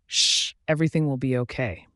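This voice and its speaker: A man voicing a young male werewolf alpha who speaks calmly and reassuringly, protective and loving. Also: medium pitch, brisk, no room sound, clean studio sound, natural voice. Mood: tender.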